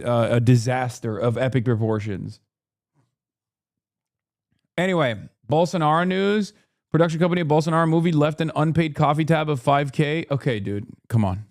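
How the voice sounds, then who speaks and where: A man hosting a live stream, reacting in casual, animated commentary with swearing and quick jokey asides. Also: mid-range voice, no room sound, clean studio sound. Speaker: streamer host.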